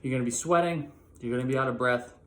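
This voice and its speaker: A young adult man teaching an online PE class, talking fast and energetically as he explains a workout, moving around away from his camera mic. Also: medium pitch.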